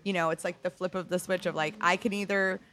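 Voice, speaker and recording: A woman's voice: lowish voice, fairly even intonation, fast, a bit bright. A middle-aged woman bartender telling work stories in a casual interview, candid and profane, with lots of "like". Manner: candid, profane, heavy use of "like". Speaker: bartender guest.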